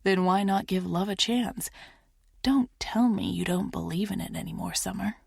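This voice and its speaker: A woman's voice: medium pitch, moderate pace, creaky, a little mellow, slightly rough, no room sound. A woman narrator playing a tired, aloof male CEO who banters with a dry, taunting edge.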